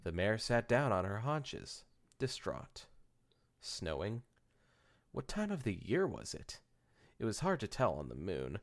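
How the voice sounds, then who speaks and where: A man's voice: on the low side, wildly swooping pitch, a little slow, long pauses. A man hosting a podcast, reading fan fiction aloud with casual joking asides, stumbling and correcting himself as he goes. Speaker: podcast host.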